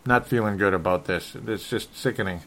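A man's voice: fairly low pitch, a little fast, a bit bright, slight background noise. A man hosting a solo sports talk show, sounding frustrated and rambling, often stumbling and correcting himself. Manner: restarts and self-corrections. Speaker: sports podcast host.

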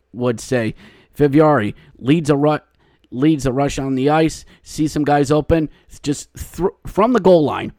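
A male podcast host recapping a hockey game, slipping into excited play-by-play calls and shouting at the goals. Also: medium pitch, no echo, clean studio sound.

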